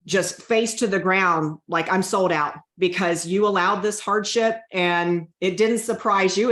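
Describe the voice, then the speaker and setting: A woman's voice: fairly low pitch, fairly bright tone, echoey room. A woman guest on an interview show telling a personal story in an earnest, emotional way, often repeating her own prayers aloud. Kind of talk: heartfelt testimony interview.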